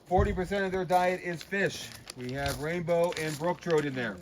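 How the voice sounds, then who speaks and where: A man's voice: a little high, normal speed. A man working as a wildlife tour guide, explaining things to his group and calling them folks. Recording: dull noisy recording with vehicle sounds.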